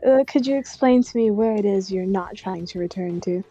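Woman voicing a polite male doctor, hesitant, mellow tone, muffled sound. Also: mid-range voice, normal speed, lightly acted. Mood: courteous. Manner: courteous and hesitant, with many "uh"s. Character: polite, formal male doctor offering help.

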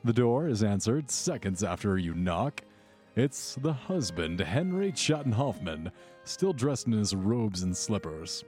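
Low-voiced man narrating a tabletop game. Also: very animated, a little mellow, faint music behind. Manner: measured, descriptive narration with slow dramatic pauses. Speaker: game master.

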